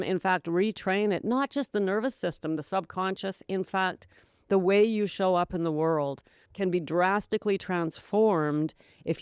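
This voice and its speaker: This podcast host and sobriety coach has a voice on the low side, heard in clean, echo-free studio quality. Alone at the mic, she keeps things chatty and upbeat, laughing frequently as she encourages listeners.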